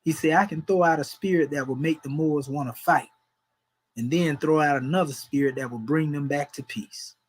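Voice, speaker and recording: A man's voice: a little high, moderate pace, breathy edge, low-quality recording. A man, preaching in a folksy, emphatic way and chuckling between points. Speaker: religious teacher. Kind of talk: informal preaching.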